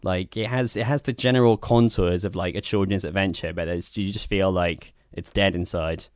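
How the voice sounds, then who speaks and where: A man with a low, smooth voice co-hosts a film podcast, chatting wryly and wandering through his points with frequent restarts. The sound is dry and close to the mic, with no room echo. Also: steady tone, normal speed. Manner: rambling, wry, full of restarts. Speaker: podcast co-host. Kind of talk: casual film review chat.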